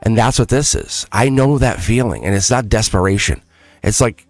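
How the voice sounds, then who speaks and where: A man's voice: medium pitch, normal speed, no echo, faint music behind. A man hosting a live tarot reading stream, telling rambling stories and coaxing viewers in a casual, earnest way. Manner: rambling, animated storytelling with many restarts. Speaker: schoolteacher.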